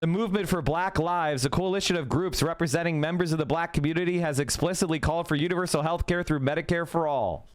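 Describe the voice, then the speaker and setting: A man hosting a political livestream, talking casually and argumentatively while reacting to clips and chat. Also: fairly high pitch. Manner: argumentative, fast-shifting, repeats points. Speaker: political streamer.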